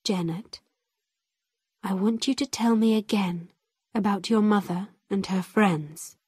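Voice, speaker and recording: Rich: A calm, kindly gentleman who questions patiently and gently, read by a woman. The voice is husky and fairly high, spoken very slowly. The sound is close and dry. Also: no room sound.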